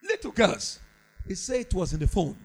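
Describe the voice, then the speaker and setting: A man's voice: sits high, huge pitch swings, normal speed, slightly rough, rough recording. A man preaching a sermon, fervent and repetitive, with a sing-song cadence.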